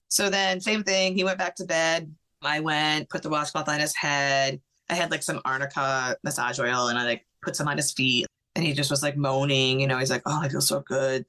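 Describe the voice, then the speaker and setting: A deep-voiced middle-aged woman, guesting on a podcast, shares a personal story in a lively way. She acts out what others said and fills her speech with many "like"s.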